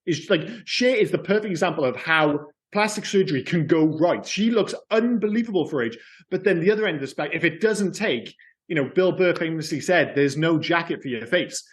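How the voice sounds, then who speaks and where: A man whose voice sits a little high for a man. He co-hosts a podcast in a relaxed, chatty way. He argues his opinions hard and swears without a second thought. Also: brisk. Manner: opinionated, swears freely, frequent restarts. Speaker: podcast co-host. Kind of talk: casual film chat.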